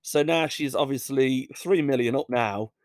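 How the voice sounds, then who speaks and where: A man's voice: medium pitch, measured pace, dry recording, studio quality. A young English man hosting a casual show, reading odd news stories and rambling through jokey asides that he laughs at. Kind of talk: casual chat.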